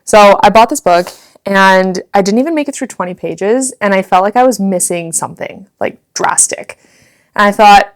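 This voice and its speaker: A woman's voice: mid-range voice, lively intonation, normal speed. Chatty woman podcast co-host. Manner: giggly, keeps breaking into laughter while reading. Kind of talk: casual podcast chat.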